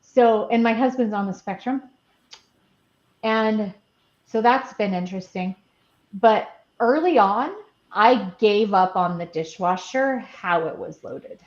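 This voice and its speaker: A woman's voice: medium pitch, slow. A middle-aged woman, a podcast co-host, chatting casually and laughing often as she tells stories. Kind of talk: casual chat. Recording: roomy, muffled sound.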